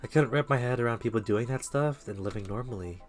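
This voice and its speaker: A man voicing a worldly bar patron who tells dark stories, in a put-on, vaguely Russian accent with a measured, lowered delivery while reading game dialogue aloud. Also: close to an everyday voice. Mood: storytelling. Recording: faint music behind.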